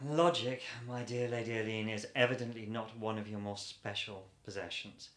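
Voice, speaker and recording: An actor playing a blunt, self-assured millionaire suitor in an old-fashioned radio play, speaking in a dry, ironic, matter-of-fact way. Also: male voice, fairly low pitch, fairly even intonation, moderate pace, a bit bright, echoey room, lightly acted.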